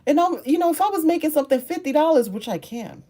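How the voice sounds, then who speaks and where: A woman content creator with a high voice talks directly to viewers in a casual livestream, reading and answering their comments. She's animated and laughs often, alternating soft musing with excited outbursts.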